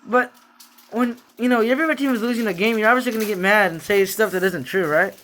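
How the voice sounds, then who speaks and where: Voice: medium pitch, fast talker, fairly bright tone, slight background noise. A sports fan vlogger giving a casual, rambling rant about the team, repeating themselves in frustration with lots of fillers and restarts.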